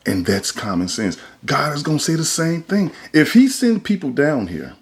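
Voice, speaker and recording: A man's voice: fairly high pitch, sing-song, moderate pace. Emphatic preachy man on a podcast. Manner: emphatic, colloquial, sermon-like. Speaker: podcast host. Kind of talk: casual preachy monologue.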